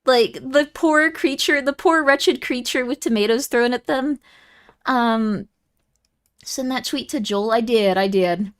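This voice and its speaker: A woman's voice: fairly high pitch, measured pace. A young woman streaming and chatting casually with viewers, giggly and easily moved, with lots of fillers.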